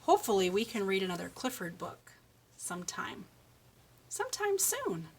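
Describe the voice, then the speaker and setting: A woman giving a children's speech lesson, reading a picture book aloud and slowly modeling words for a young child to repeat. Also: medium pitch, big pitch swings, slightly rough. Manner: slow, encouraging, exaggerates word sounds for a child. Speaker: speech therapist.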